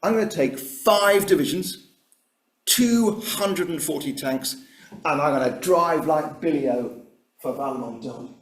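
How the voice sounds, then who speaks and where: A man giving a history lecture, acting out generals' conversations as a lively storyteller. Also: fairly high pitch, slow. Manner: animated storyteller voicing generals in dialogue. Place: lecture room. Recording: echoey room, Zoom recording.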